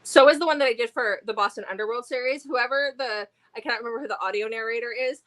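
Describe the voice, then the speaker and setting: A woman's voice: on the high side, quick pace, fairly bright tone. A woman co-hosting a casual book review chat, enthusiastic and chatty, with plenty of fillers.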